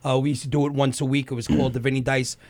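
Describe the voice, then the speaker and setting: Male radio guest, medium pitch, upbeat but halting, dry close sound. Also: little pitch movement, darkish tone, no echo. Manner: upbeat, hesitant with many uhs. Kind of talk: casual chat.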